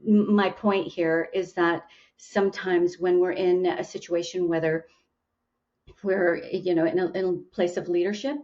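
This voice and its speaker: A woman's voice: lowish voice, dark tone, highs cut off. A woman hosting an interview podcast, musing aloud in casual chat with frequent restarts. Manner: musing, with many restarts and fillers. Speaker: podcast host.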